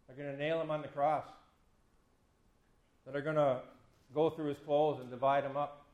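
Male pastor, 50s, slightly high voice, folksy sermon delivery, roomy church sound. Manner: conversational, self-deprecating, acts out quoted speech.

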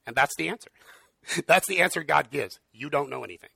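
A man's voice: a little high, lively intonation, a little fast, creaky, sharp tone, husky, dry recording. A man preaching in an earnest, conversational way, with frequent fillers. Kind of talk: casual sermon.

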